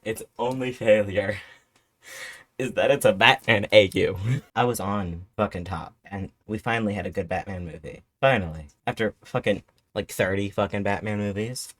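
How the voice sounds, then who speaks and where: A man giving a casual movie review in an excitable, rambling manner, swearing often. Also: fairly low pitch, normal speed, no echo. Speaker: host.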